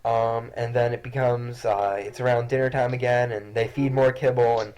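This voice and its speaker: A man narrating as game master in a tabletop game, relaxed and hesitant with many fillers. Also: medium pitch, normal speed, low-quality recording.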